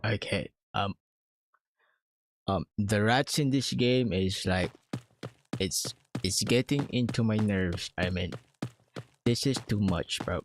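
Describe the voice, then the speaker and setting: A man's voice: lowish voice, takes it slowly, long pauses, a little hiss or hum. A young man giving live commentary as he plays a shooter. He talks to his chat in an annoyed, swearing way. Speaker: streamer.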